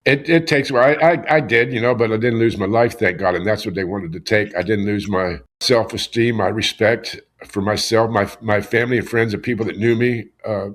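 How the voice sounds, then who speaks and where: A middle-aged man from Pennsylvania telling his own story in a podcast interview, earnest and often repeating words as he starts a sentence. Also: fairly low pitch. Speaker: interview guest. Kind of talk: conversational storytelling.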